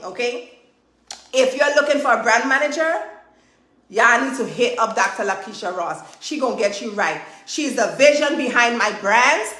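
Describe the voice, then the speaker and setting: Upbeat woman host, higher voice, talks fast and keeps going "okay?", kinda echoey room. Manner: energetic, chatty, repeats "okay?" to drive points home. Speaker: host and trainer. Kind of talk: live-streamed motivational chat.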